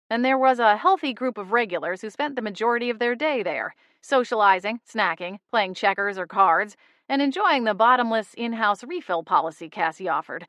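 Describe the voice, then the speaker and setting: Close-miked in a studio, a woman narrates a first-person cozy mystery audiobook with a wry, lively storyteller's touch. Her voice sits in the mid range, and there's no echo.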